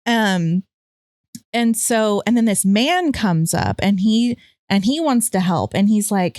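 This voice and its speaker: A woman's voice: medium pitch, measured pace, a little mellow, no room sound, studio quality. A young woman co-hosting a podcast, telling a long personal story in casual chat, full of "like" fillers and swearing. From California. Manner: rambling, many "like" fillers, swears freely. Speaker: podcast co-host.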